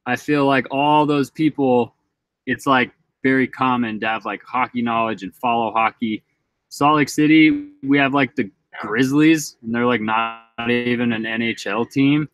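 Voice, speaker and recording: A man's voice: medium pitch, a bit bright, no room sound, low-quality recording. Rambling young man reading live chat. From Utah, USA. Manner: rambling, reads viewer comments aloud. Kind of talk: casual live-stream chat.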